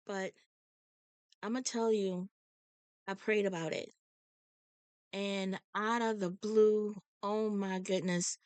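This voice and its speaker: A woman speaks at a middle pitch, animated as she recounts her week to her followers, slipping into scripture and into other people's voices. Her voice is recorded close and dry, with no room sound around it. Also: dry recording. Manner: preachy, quotes scripture. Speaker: vlogger and sign language interpreter. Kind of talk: casual storytelling with faith talk.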